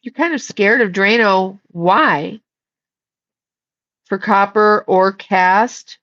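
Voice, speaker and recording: A woman's voice: mid-range voice, takes it slowly, long pauses, fairly bright tone, lo-fi sound. A woman casually chatting on a livestream, blunt and swearing freely while reading the chat and shooing her cat.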